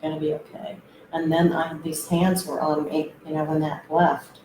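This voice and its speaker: A woman guest telling a personal story, hesitant and reflective, with many pauses and fillers. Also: sits low, level tone, noisy background. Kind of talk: personal testimony. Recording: roomy echo.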